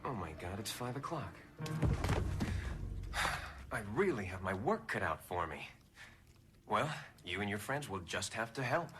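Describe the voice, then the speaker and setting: A crass ex-spy in disguise. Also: male voice, fairly low pitch, very animated, measured pace, long pauses. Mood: hurried. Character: former male spy hiding as a polite housewife, crass. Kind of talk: TV drama dialogue. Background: music.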